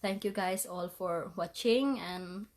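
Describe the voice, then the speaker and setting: Woman crying on a livestream, keeps saying sorry, halting speech, shaky teary voice. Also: fairly low pitch. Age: adult parent. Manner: apologetic, halting, laughing through tears. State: crying, tearful. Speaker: vlogger. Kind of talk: emotional livestream vlog.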